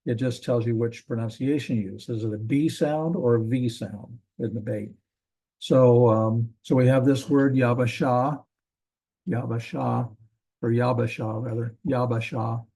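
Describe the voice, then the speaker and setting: A man teaching a classroom lecture in a relaxed, rambling way, with frequent ums and self-corrections. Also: medium pitch, normal speed. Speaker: Hebrew teacher.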